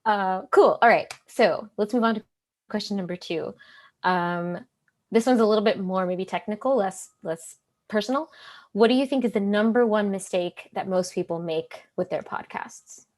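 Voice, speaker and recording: A woman's voice: mid-range voice, normal speed, darkish tone. A woman hosting an interview, asking questions and reacting enthusiastically in a casual way. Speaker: host.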